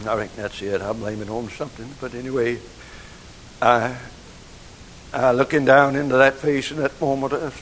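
An older man, preaching an emotional sermon that moves from soft, hushed passages to rising outcries. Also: medium pitch, a little hiss or hum, low-quality recording.

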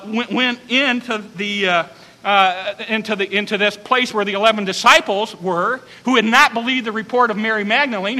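A male pastor preaching a sermon, emphatic, with dramatic repetition and bursts of shouting. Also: high-pitched, in a large hall, rough recording.

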